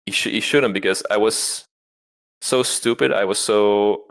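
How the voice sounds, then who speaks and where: A man's voice: on the low side, unhurried. A man interviewed about his trading past, talking candidly and self-deprecatingly, rambling with frequent restarts. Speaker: interview guest, trader.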